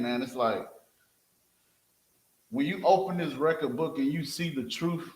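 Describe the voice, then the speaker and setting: A man's voice: mid-range voice, echoey room, rough recording. A man teaching scripture, calling for verses from a reader and asking "you understand?" again and again. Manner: calls for verses, repeats "you understand?", animated. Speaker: street preacher teaching scripture.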